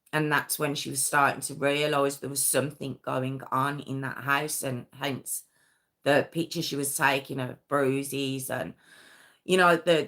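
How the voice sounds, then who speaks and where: A woman's voice: sits low, fairly bright tone. A woman hosting a live true crime stream, telling the story conversationally with many fillers and restarts.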